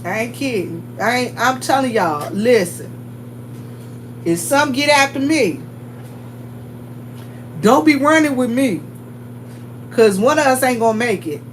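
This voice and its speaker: A woman with a Southern US accent, chatting to her viewers in an animated, storytelling way and laughing often. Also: a little high, measured pace, long pauses, slight background noise, low-quality recording. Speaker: vlogger.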